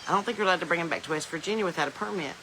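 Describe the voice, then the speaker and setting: A woman's voice: on the low side, very fast, sharp tone, a little hiss or hum, rough recording. A woman with a Southern US accent hosting a casual live stream from her phone, rambling, laughing often and reading viewer comments aloud. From Southern United States. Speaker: podcast host. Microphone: smartphone.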